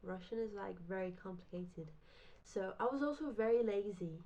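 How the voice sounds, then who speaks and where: A woman's voice: medium pitch, animated, moderate pace, warm tone. Chatty young woman telling a story. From Brazil. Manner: chatty, full of fillers and restarts. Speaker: vlogger. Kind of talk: casual storytime.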